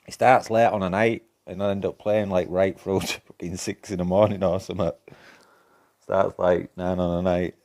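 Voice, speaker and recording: A man's voice: low-pitched, level tone, moderate pace, a little mellow. A man with a broad Yorkshire accent chatting casually with viewers while streaming a game, swearing freely and bantering. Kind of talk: casual live-stream chat.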